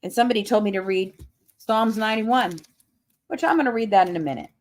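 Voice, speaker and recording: On a casual livestream, a woman host who has been up all night without sleep rants bluntly and profanely. She talks fast in a mid-range voice.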